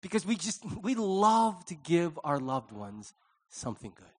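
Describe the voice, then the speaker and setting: A man's voice: on the high side, very animated, unhurried. A middle-aged man preaching a conversational sermon, telling stories with animation and acting out the dialogue. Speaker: pastor.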